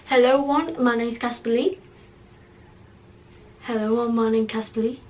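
A woman's voice: fairly high pitch, steady tone, measured pace, darkish tone, recorded from a distance, a little hiss or hum, lightly acted. Woman doing an impression of a young male vlogger, subdued, mild greeting.

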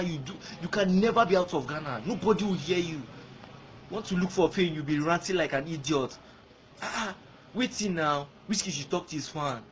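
A man's voice: a little high, a little hiss or hum. A man from Nigeria with a Nigerian accent, ranting angrily in a video message, throwing insults and repeating himself while switching between Pidgin and English. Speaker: fan.

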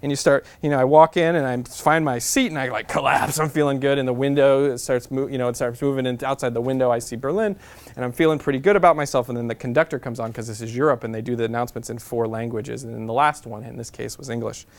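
A man in his thirties from Nebraska, telling a lively travel story as a guest speaker to a class, repeating a refrain and acting out the voices he quotes. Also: mid-range voice, quick pace. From Nebraska, USA. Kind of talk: storytelling lecture to students.

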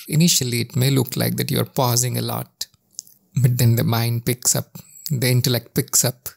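A man talks through a spiritual lesson in a calm, instructive way. His voice is strongly gravelly and fried, and it sits mid-range in pitch. The recording is dry and close, with no room sound. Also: dry recording. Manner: calm, measured, instructive, with deliberate pauses. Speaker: spiritual teacher. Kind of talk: spoken spiritual teaching monologue.

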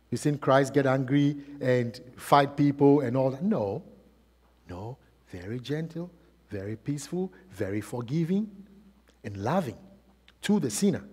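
A man preaching a sermon as pastor, asking repeated rhetorical questions and swinging between loud and soft. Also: medium pitch, slightly rough. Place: church. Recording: long church reverb.

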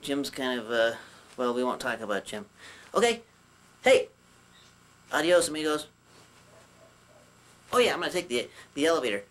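A man voicing a chatty male puppet who teaches puppetry with jokes and rambling asides, often clearing his throat. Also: medium pitch, big pitch swings, moderate pace, pauses often, fairly bright tone, a little hiss or hum. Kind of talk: puppet demonstration lesson.

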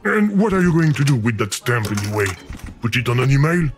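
A man's voice: mid-range voice, very animated, a little fast, close to an everyday voice. A man voicing an exasperated male game narrator who scolds the player. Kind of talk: game voice acting. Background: game music.

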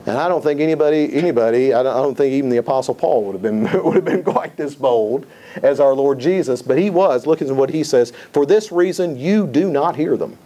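A man's voice: mid-range voice, fast talker, mellow. A male pastor preaching a sermon, emphatic, repeating key phrases and quoting scripture.

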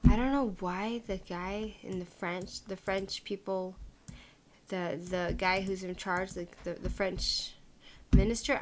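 Woman, vlogger, casual reaction talk, indignant, rambling, mid-pitched voice. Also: slight background noise. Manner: indignant, rambling, with many fillers.

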